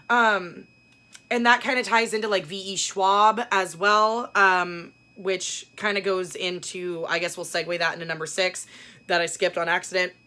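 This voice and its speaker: A woman book vlogger talking casually about books, blunt and profane, with lots of fillers. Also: mid-range voice. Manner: blunt, profane, animated ranting with many fillers. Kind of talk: casual ranting book chat.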